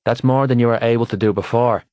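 A man voicing a calm, wise older brother in an audiobook, measured and gentle. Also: medium pitch, dry recording, studio quality, pitched above the performer's own voice, lightly acted. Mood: reassuring.

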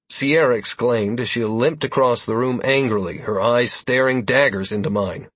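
A man narrating a first-person fantasy audiobook, expressive and voicing many characters. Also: lowish voice, moderate pace, hardly any pauses, breathy edge, dry recording.

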